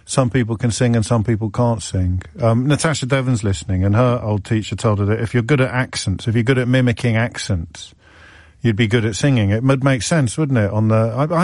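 A man's voice: medium pitch, brisk, darkish tone, no echo. A man hosts a radio phone-in from a dry, close studio mic. He talks in loose, rambling asides and teases himself and his team as he goes. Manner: rambling, teasing, self-mocking asides. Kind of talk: casual radio chat. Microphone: studio microphone.

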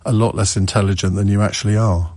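A man's voice: fairly low pitch, fairly even intonation, fast talker, a little mellow, dry recording. A man hosting a radio phone-in, musing aloud and chatting with callers, often restarting his sentences. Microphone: studio microphone.

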